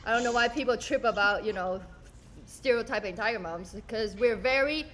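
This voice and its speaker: A woman's voice: on the high side, moderate pace, a bit bright, a little hiss or hum. A woman doing a stand-up comedy set, chatty and self-mocking, who acts out other people's lines as she talks. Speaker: stand-up comedian and show producer.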